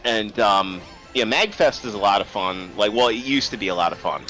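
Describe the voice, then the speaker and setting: A man from the Baltimore area chatting on a gaming stream, telling stories with halting restarts. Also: lowish voice, lively intonation, pushed and bright, faint music behind, low-quality recording. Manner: rambling, halting with many restarts. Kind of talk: casual chat while gaming.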